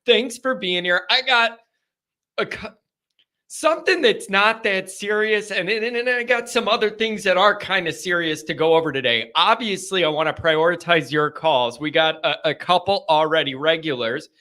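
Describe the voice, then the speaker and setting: A man hosting a live sports call-in show, talking casually, excitable and rambling, often laughing. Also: high-pitched, moderate pace.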